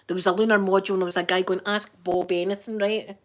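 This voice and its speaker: A woman with a broad, thick Scottish accent rambles cheerfully to her livestream viewers. She talks in a mid-pitched voice, greets people by name and laughs often. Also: little pitch movement, rapid-fire. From Scotland. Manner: chatty, laughs often, reads out viewer names. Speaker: livestreaming YouTuber. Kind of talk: casual live chat.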